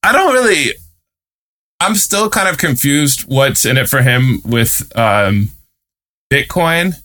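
A man's voice: medium pitch, expressive, takes it slowly, bright, forceful tone. A male reporter telling a story in a casual, chatty way, with many fillers and amused laughs. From United States. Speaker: guest reporter and author.

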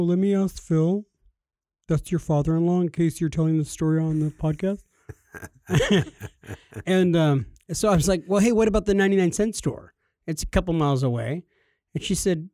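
A man in his thirties co-hosting a podcast, telling animated stories and doing voices for the people in them. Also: on the high side, no echo, studio quality. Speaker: podcast co-host. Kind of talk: animated storytelling chat.

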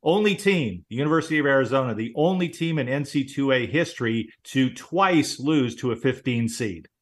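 A man's voice: mid-range voice, expressive, brisk. A man hosting a talk show in a casual chat, jovial and joking, laughing often. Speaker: radio show host.

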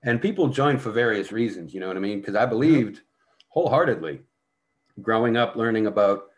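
A man's voice: fairly low pitch, animated, a little fast. A man telling a war story in casual talk, blunt and full of profanity. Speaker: guest.

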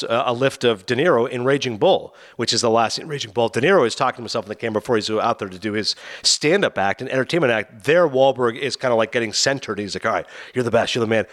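A man hosting a casual movie talk podcast, acting out film scenes in quick voices. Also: mid-range voice, a bit bright. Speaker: podcast host.

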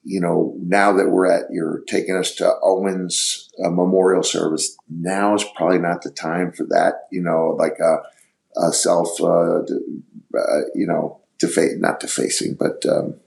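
A middle-aged man telling stories on a podcast, rambling and halting as he searches for words. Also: low voice, flat delivery, gravelly, darkish tone. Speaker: podcast guest. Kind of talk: casual storytelling.

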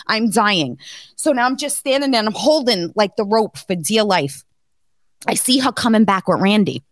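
This podcast co-host has a mid-range voice at a normal speed, recorded dry. In a relaxed conversation she tells lively stories packed with curse words and frequent laughter.

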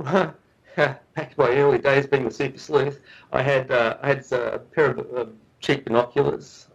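A man's voice: medium pitch, vocal fry, poor audio. Earnest man telling a story. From Australia. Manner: earnest, restarts often, repeats words. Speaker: guest researcher. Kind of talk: storytelling in a podcast interview.

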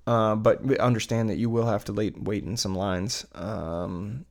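A man's voice: fairly low pitch, fairly even intonation, a little slow. A man in his thirties chatting casually about a family theme park trip, rambling with lots of fillers and restarts. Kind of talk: casual chat.

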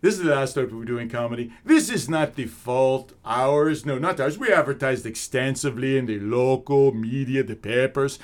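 A man's voice: mid-range voice, normal speed, few pauses, close to an everyday voice. A man voicing a pompous male club owner with a thick, almost cartoonish Iraqi accent, scolding the audience.

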